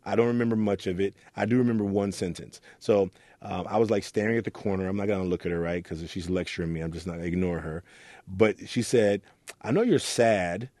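Low mellow-voiced guy from oakland, mentor type, telling his story, dry room. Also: fairly even intonation, fast, no echo. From Oakland, California. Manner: earnest storytelling, acts out quoted voices. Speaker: youth mentor. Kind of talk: reflective interview talk.

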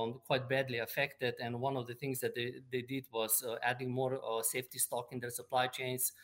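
Soft-spoken expert man, halting. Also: medium pitch. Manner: measured, explanatory, many ums and uhs. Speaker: supply chain expert guest. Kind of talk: remote interview answers.

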